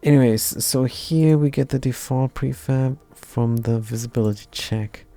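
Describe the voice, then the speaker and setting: Male streamer, mellow gravelly voice, halting think-aloud delivery, faint music bed. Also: medium pitch, fairly even intonation. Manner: thinks aloud, halting restarts, reads chat comments. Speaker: Twitch streamer. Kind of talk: casual live-coding stream chat.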